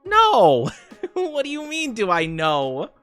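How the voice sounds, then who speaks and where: A man's voice: high voice, big pitch swings, unhurried, a bit bright, smooth, soft background music. A bubbly, giggly young man chatting casually with his live-stream audience. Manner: bubbly and giggly, talking straight to chat.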